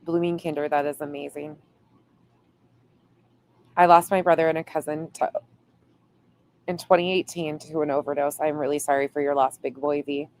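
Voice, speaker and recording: A woman's voice: low-pitched, fairly even intonation, moderate pace, pauses often, darkish tone. A woman hosting a casual livestream, reading viewer comments aloud and swearing playfully. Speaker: livestream host reading chat.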